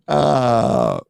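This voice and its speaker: A man hosting a loose live stream at a mid pitch, swearing freely and rambling between donation readouts. His voice sits close and dry, with no room sound around it. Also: vocal fry, clean tone, no room sound. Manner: rambling, profane, excitable. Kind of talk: casual live-stream chat, reading donations.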